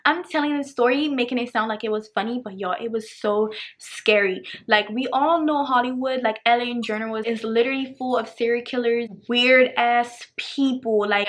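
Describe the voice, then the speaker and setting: A young woman from the Washington DC area telling a dramatic, animated storytime, full of "like". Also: on the high side. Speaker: storytime vlogger. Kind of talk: casual storytime.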